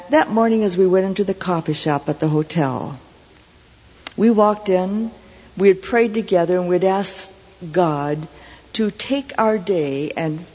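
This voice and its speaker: Mellow-voiced woman preaching in a hall. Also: on the low side, husky. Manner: earnest, measured storytelling. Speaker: Christian speaker. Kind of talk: storytelling sermon testimony. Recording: dull lo-fi recording with long hall reverb.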